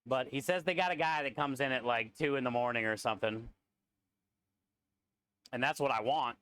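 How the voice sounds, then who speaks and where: A man's voice: mid-range voice, moderate pace, a bit bright, clear, resonant tone. A man, a food truck cook, chatting casually with viewers on a live stream and joking around.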